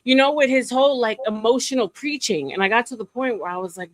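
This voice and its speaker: A woman's voice: fairly high pitch, fairly quick, fairly bright tone, no echo, low-quality recording. A woman in casual chat, telling a long story with many fillers and restarts. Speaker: streamer guest.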